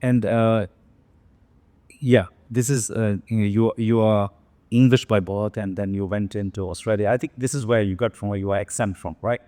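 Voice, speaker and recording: A man hosting an interview, asking questions in halting phrases with many fillers. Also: on the low side, fairly even intonation, dark tone, no room sound. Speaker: podcast host.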